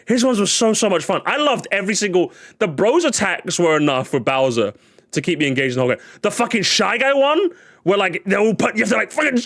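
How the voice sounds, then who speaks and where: A man streaming live, ranting in a casual, excitable way and swearing often. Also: sits high, fast talker. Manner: animated, excitable, swears a lot, repeats himself.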